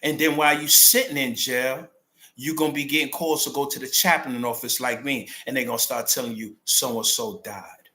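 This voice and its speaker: A man's voice: mid-range voice, fairly even intonation, brisk, pushed and bright. A middle-aged man with a New York accent giving an emphatic, unscripted commentary monologue full of street slang. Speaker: channel host.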